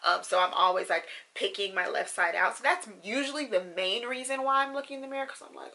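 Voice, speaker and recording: Young woman rambling to her camera, gravelly and bright, gets teary and gushy, lots of ums and likes. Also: a little high, brisk, hardly any pauses. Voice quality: emotional, tearful, gushing. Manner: chatty and rambling with many fillers. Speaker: vlogger. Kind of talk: casual vlog talk to camera.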